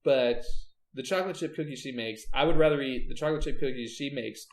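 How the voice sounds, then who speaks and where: A man's voice: mid-range voice, quick pace. A man co-hosting a podcast, chatting casually and teasing with jokes. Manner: joking, teasing banter. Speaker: podcast co-host. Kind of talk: casual chat. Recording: echoey room.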